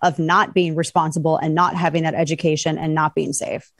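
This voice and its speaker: A woman's voice: deep voice, fairly quick, dry recording. Emphatic woman guest, dry close sound. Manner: animated storyteller, emphatic. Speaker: guest commentator. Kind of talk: talk show interview.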